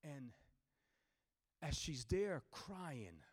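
A man preaching a sermon to a church, swinging from shouted exhortation to hushed, near-whispered storytelling. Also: fairly high pitch, sing-song, drawn-out words, husky.

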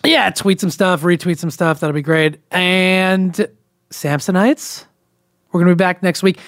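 A young man hosting a podcast, chatting casually and animatedly, quick to laugh and joke. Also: sits high, fairly even intonation, a bit bright, no echo, clean studio sound. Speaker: podcast host. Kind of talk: casual chat.

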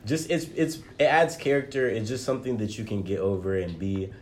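Low-voiced young man telling a story. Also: lively intonation, fairly quick, a little hiss or hum. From Nigeria. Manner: earnest, reflective storytelling. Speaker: guest. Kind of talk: casual podcast chat.

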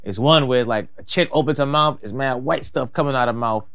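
A man's voice: mid-range voice, brisk, smooth, no echo. A young man co-hosting a podcast, talking in loose, slangy, laid-back banter. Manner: loud hype intro, then laid-back slangy banter. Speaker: podcast co-host. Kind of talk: casual chat.

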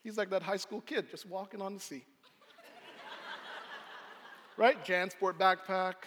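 A man preaching a sermon as pastor, telling a scene with lively storytelling and acting it out. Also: sits high, unhurried, slight background noise. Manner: animated storyteller, acts out scenes. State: out of breath. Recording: long hall reverb.

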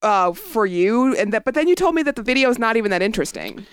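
Animated, blunt woman co-host. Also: a little high, quick pace, smooth, no room sound, studio quality. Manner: blunt, opinionated, exclamatory. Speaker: podcast co-host. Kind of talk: casual chat.

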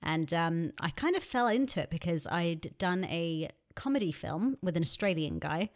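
A woman's voice: fairly low pitch, animated, moderate pace. A woman with a London English accent, chatting as a guest on a podcast and laughing often. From England. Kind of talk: casual podcast chat.

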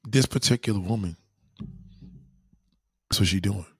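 Man, casual profane storytelling, raspy, dry close sound. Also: fairly low pitch, moderate pace, dry recording. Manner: animated, slangy, swearing freely, repeating "you know what I mean". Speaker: storyteller addressing followers.

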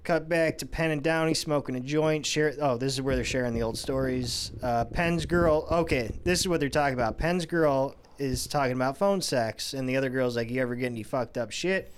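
A man's voice: mid-range voice, moderate pace, hardly any pauses, slight background noise. A man co-hosting a casual movie podcast, recapping scenes step by step in a laid-back way. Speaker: podcast co-host. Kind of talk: casual movie review chat.

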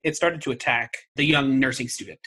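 A man's voice: medium pitch, fairly quick, sharp tone, slightly rough. A man co-hosting a casual chat show, telling a story in a wry way, swearing freely and laughing at himself. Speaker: podcast co-host.

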